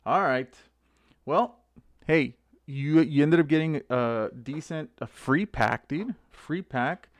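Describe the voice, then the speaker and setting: A man hosting a casual live stream, chatting excitedly to viewers by name as he opens card packs. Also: on the high side, slow pace, no room sound. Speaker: channel host opening card packs.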